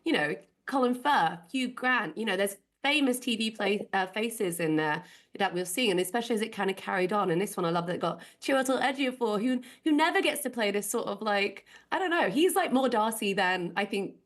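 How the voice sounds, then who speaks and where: A woman's voice: medium pitch, animated, brisk. A woman from Britain, a film critic guest chatting casually on a pop-culture panel, with laughing asides.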